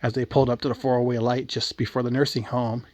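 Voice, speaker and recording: A man's voice: medium pitch, little pitch movement, fast talker, darkish tone, dry recording. Man casually telling a crude story.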